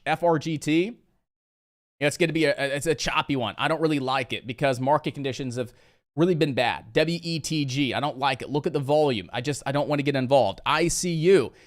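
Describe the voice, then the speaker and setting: A man from Indiana hosting a casual live trading stream, chatty and energetic, talking straight to his viewers. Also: a little high.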